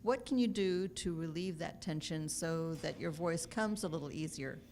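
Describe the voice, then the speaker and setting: A woman's voice: deep voice, moderate pace, darkish tone, slight background noise. A woman asking a question at a session.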